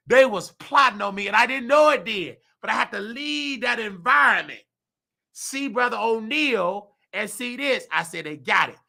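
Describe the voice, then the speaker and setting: Heated hoarse man with a high gravelly voice. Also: lively intonation, moderate pace, sharp tone. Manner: preachy, heated, acts out quoted voices, calls listener baby. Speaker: show host. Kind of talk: animated personal rant.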